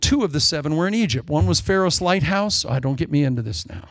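A male pastor preaching a sermon in an excitable way, wandering off into jokey asides. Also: on the high side, brisk, hardly any pauses, no room sound.

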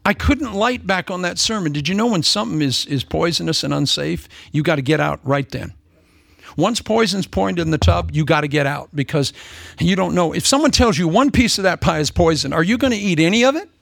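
A man preaching a lively sermon, playful and joking, slipping into voices for asides. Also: fairly high pitch, fairly quick, gravelly, no room sound, studio quality.

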